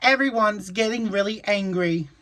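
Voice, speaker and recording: A woman's voice: medium pitch, moderate pace, fairly bright tone. A woman vlogger giving an angry, profane commentary rant. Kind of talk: ranting commentary.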